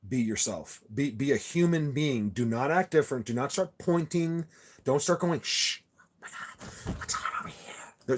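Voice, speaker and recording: A man chatting on a casual livestream, his voice sitting at an ordinary middle pitch. He rambles and restarts his sentences often, tripping over repeated words. He stays earnest and insistent as he addresses the viewers directly. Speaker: channel host talking to live chat viewers.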